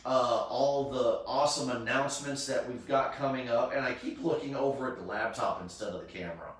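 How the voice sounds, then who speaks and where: A man's voice: medium pitch, a little fast. Rambling man in an echoey room. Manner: rambling, many fillers and restarts. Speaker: charity cosplay event host. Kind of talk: casual live-stream chat. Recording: echoey room, distant mic.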